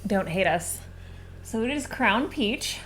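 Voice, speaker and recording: A woman's voice: mid-range voice, lively intonation, slow, fairly bright tone. Female co-host, mid-range voice, bubbly casual chatter. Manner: bubbly, talks with lots of "like". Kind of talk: casual chat.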